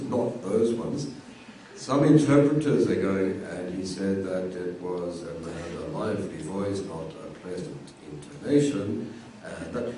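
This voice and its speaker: Man, lecturer, mellow voice, conversational, repeats words, echoey room, distant mic. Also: mid-range voice, slight background noise. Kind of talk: university lecture.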